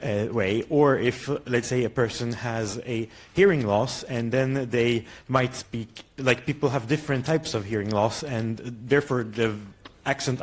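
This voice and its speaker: Hesitant man asking a question from the audience. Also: medium pitch. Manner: hesitant, with many fillers. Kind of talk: question from the floor.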